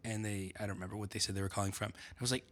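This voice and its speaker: Bright-voiced man, halting speech. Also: lowish voice, steady tone. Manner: halting, many fillers and restarts. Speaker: podcast guest, essayist. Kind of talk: casual conversation.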